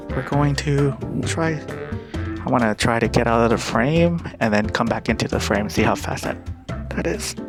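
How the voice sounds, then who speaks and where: Upbeat man reviewing a camera lens. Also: mid-range voice. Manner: upbeat, slangy and excitable. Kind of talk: casual vlog review.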